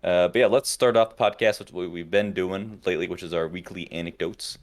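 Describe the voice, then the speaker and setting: A young man co-hosting a podcast, telling animated stories in casual chat and swearing often. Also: low voice, a little fast. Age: young adult. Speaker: podcast co-host.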